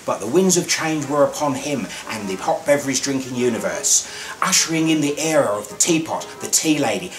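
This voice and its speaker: A man with an Australian accent delivering a scripted comic monologue in a wry, mock-grand deadpan manner. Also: mid-range voice, rough recording. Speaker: comic narrator. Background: music.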